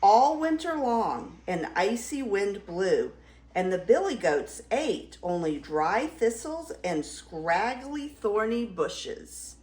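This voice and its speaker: An older woman reads a fairy tale aloud in a very slow, lively, sing-song way, her voice a touch high. The room gives it a roomy echo. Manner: expressive, slow dramatic reading. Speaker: grandmother storyteller.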